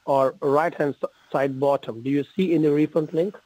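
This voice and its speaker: A man's voice: fairly high pitch, steady tone, moderate pace, warm tone, dry recording, rough recording. A man on a scripted support call, polite and repetitive, addressing the listener as sir. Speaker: phone scammer.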